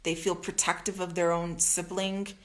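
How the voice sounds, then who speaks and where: Young woman, low pitch, rambling emphatic monologue, echoey room. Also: level tone, normal speed. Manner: candid, rambling, emphatic, swears freely. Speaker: spiritual content creator. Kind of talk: casual direct-to-camera monologue.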